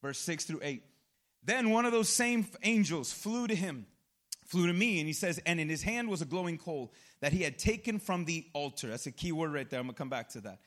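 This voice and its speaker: A man's voice: fairly high pitch, lively intonation, a little fast, a bit bright. A male pastor preaching a sermon in a casual, conversational way, full of slang and personal stories, acting out his own reactions.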